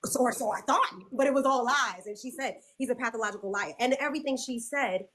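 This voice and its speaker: A woman's voice: a little high, quick pace, a bit bright. Forty-one-year-old woman telling a dating story. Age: 40s. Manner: earnest, emotional. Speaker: caller on a dating advice show.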